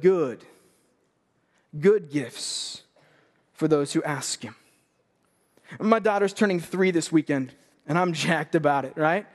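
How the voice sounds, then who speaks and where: A man in his thirties preaching on a church stage, energetic and joking in a conversational way. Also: fairly high pitch, takes it slowly, long pauses. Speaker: youth pastor. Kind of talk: sermon. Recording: long hall reverb.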